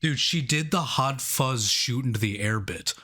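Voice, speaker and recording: A man's voice: mid-range voice, moderate pace, bright, forceful tone. A young man co-hosting a casual movie review podcast, rambling with frequent laughs and restarts. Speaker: podcast co-host.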